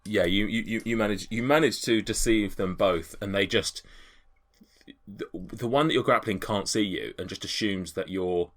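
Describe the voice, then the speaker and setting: A man narrating as game master for a tabletop game, talking in a halting way with frequent restarts. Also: on the low side. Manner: halting, with many restarts and fillers.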